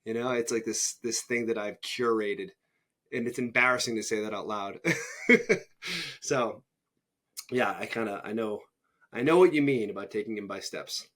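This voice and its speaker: A man's voice: fairly low pitch, normal speed, long pauses, fairly bright tone. Blunt swearing man hosting a podcast. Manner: blunt, swears freely, acts out his own reactions in quotes. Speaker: podcast host. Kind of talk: casual conversation.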